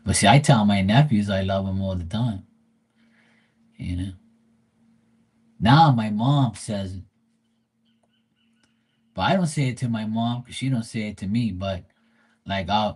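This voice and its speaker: A man's voice: low-pitched, a little mellow, slightly rough. A man hosting a livestream, telling rambling family stories in a blunt, teasing way and swearing freely. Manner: rambling with many fillers and asides. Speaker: tarot reader and livestream host. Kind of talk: casual storytelling.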